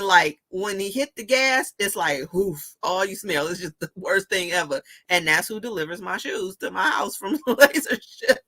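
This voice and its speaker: A woman hosting a casual chat, telling stories in an animated way, laughing often and swearing casually. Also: on the high side. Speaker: show host.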